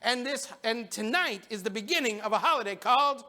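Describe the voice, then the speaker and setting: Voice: medium pitch, expressive, fairly quick, sharp tone, in a large hall. A service leader voicing a poor local man who cheerfully gives advice to a newcomer. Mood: friendly.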